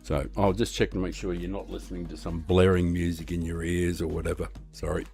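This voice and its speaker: An Australian man casually chatting on a live stream while playing a racing game, rambling and relaxed with lots of hesitations. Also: low voice, a little fast, creaky, soft background music.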